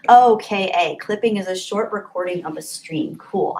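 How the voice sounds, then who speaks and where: Woman streamer, casual chat host, reads comments aloud, laughs a lot, slips into soft whispers. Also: medium pitch, moderate pace, slight background noise, poor audio. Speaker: live streamer reading chat.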